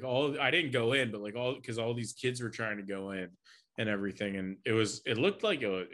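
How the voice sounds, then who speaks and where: A man's voice: mid-range voice, a bit bright. Teasing man in casual banter. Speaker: podcast co-host. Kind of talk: casual chat.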